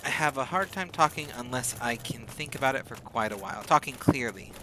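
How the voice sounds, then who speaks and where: A man chatting casually while streaming a game, rambling and often speeding up into rapid talk. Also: medium pitch. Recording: steady background noise.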